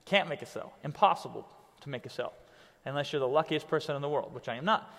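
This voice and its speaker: Guy coaching a class, high lively voice, keeps saying "right?", echoey hall sound. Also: fast, creaky. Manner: animated, conversational, keeps asking "right?". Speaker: online business coach. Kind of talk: coaching lesson.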